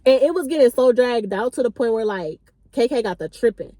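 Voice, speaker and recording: A woman in her late twenties, a vlogger, telling a story in a chatty, animated, slangy way. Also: on the high side, a little fast, no echo, studio quality. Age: late 20s. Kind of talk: casual storytime.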